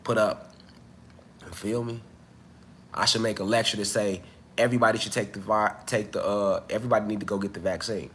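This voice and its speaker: A man's voice: fairly low pitch, fairly even intonation, a little fast, pauses often, a bit bright, a little hiss or hum. A man hosting a casual livestream, coughing as he recovers from an illness, talking loosely and profanely straight to his viewers. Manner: loose, profane, chatty, addresses viewers directly. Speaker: livestream host.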